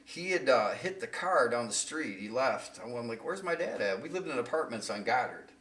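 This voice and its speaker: Far from the mic in a roomy-sounding space, a middle-aged podcaster casually spins long, profane, rambling stories and laughs at them himself. He speaks at a normal speed in a mid-range voice that's sing-song and a bit bright.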